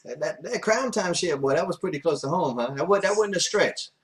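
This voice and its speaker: A man's voice: on the high side, lively intonation, a little fast. Laid-back podcast host, man. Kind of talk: casual chat.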